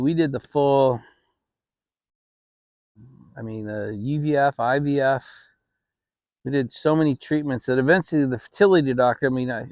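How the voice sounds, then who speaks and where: A man's voice: medium pitch, dry recording. Middle-aged man telling a story casually. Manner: relaxed, rambling, with restarts. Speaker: channel host. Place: home, relaxed fireside setting.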